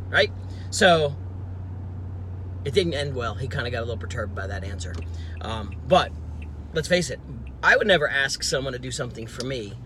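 Man, podcast host, casual storytelling, mid pitch, faint hiss behind. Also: brisk, pauses often. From New Jersey. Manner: animated, acts out quoted voices with laughs. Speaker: podcast host and sales coach.

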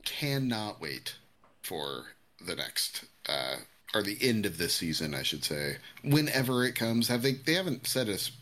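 A man co-hosting a laid-back podcast. His pitch swings widely as he talks. He is animated and swears freely, and his voice jumps high when he quotes characters. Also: moderate pace, few pauses. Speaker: podcast co-host. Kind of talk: casual chat.

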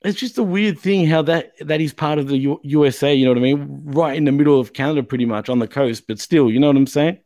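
A man's voice: fairly high pitch, fast, hardly any pauses, darkish tone, no echo. A man hosting a podcast in casual chat, rambling and swearing, with frequent "you know what I mean". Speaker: podcast host.

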